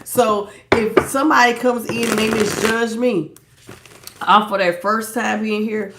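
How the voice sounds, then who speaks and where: Over a very noisy recording, an adult woman past youth speaks a little slowly in a slightly high, steady tone. Hosting a tarot stream in casual chat, she's playful, laughs frequently, and greets viewers by name as "baby" and "child."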